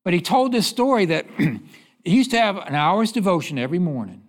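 A man preaching a sermon, telling stories and asking the congregation questions, then dropping low to give the answers. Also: animated, fairly quick. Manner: preaching with call-and-response questions and sudden drops to a low voice. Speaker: pastor.

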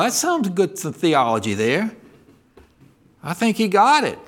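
A man preaching a sermon, asking his listeners questions and moving between loud emphatic lines and low quiet ones. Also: big pitch swings, normal speed. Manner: asks the congregation call-and-response questions.

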